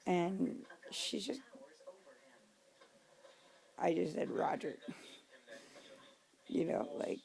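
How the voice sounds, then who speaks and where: A woman's voice: fairly low pitch, very slow, vocal fry, long pauses, darkish tone, poor audio. A young woman venting in a casual vlog, drunk, swearing a lot and dropping to a whisper now and then, recorded indoors at home. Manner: venting, profane, drops to a whisper. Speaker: vlogger.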